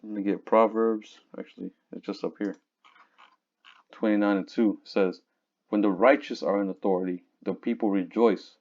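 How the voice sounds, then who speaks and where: A man teaching from scripture in a casual, conversational way, reading verses slowly and looking up words aloud. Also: on the low side, steady tone, darkish tone. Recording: dull lo-fi recording.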